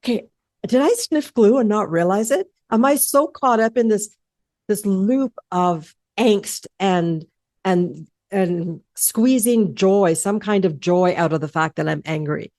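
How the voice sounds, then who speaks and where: A woman's voice: medium pitch, a little slow, a little mellow, no echo. A woman hosting a podcast interview, talking in a candid, blunt and playful way into a close mic. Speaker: podcast host. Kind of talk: casual interview chat.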